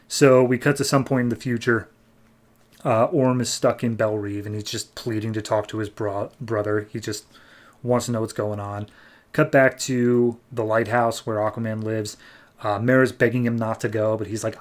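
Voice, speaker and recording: A man from the United States hosting a podcast, casually recapping and reviewing comic book issues, jumping into quick character voices as he retells scenes. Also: lowish voice. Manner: animated retelling, voicing characters in quick bursts.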